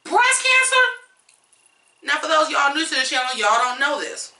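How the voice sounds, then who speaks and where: Woman, song-review rant, blunt and profane, highish voice, roomy echo. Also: a little fast, bright, forceful tone. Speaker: music reviewer.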